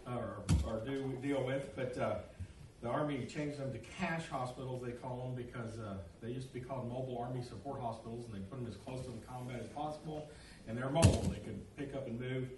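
A man's voice: mid-range voice, fairly even intonation, brisk, noisy background. A middle-aged man, a pastor preaching a sermon and telling stories in a folksy, rambling way with many fillers. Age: middle-aged or older. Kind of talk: sermon with storytelling. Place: church sanctuary. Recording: echoey room, from a distance.

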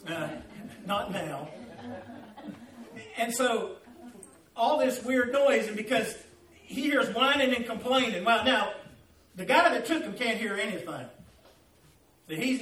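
A male pastor giving an animated, storytelling sermon in a church. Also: high voice, measured pace, long pauses, reverberant, recorded from a distance, poor audio.

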